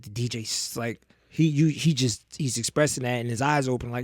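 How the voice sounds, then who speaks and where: A man telling a story on a podcast in a casual, profane way, acting out the people in it with lively voices. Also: medium pitch, moderate pace, husky, dry recording, studio quality. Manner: animated, profane, acts out the people in his stories. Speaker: podcast guest.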